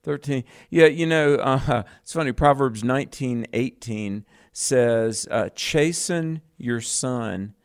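A man's voice: medium pitch, fairly even intonation, a little slow, hardly any pauses, dry recording, clean studio sound. Firm radio co-host man. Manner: firm, fatherly, preacherly emphasis. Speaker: radio Bible show co-host. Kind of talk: call-in radio advice.

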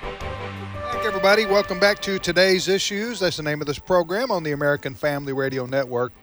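A man's voice: high-pitched, a little fast, a bit bright, faint music behind. A man hosting a live talk radio show, chatting casually and asking his co-hosts questions. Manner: chatty, upbeat, asks questions. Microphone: studio microphone.

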